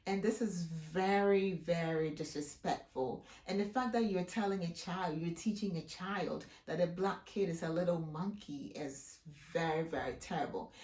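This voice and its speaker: A woman from Africa talking casually on her vlog, telling a story with emphatic delivery and then walking through a hair-care routine. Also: mid-range voice. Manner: emphatic, expressive storyteller who acts out quoted voices. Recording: roomy echo.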